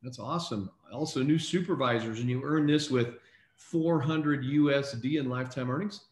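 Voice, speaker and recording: A man hosting a casual online call, reading out names in an upbeat, brisk way. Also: medium pitch, echoey room. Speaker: host.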